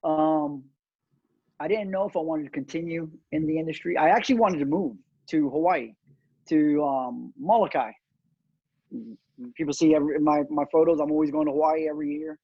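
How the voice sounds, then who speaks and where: A man's voice: a little high, moderate pace, husky, no echo. Earnest man telling his story, dull audio. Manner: earnest storytelling with many fillers and restarts. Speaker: cigar company owner, guest. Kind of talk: casual interview chat.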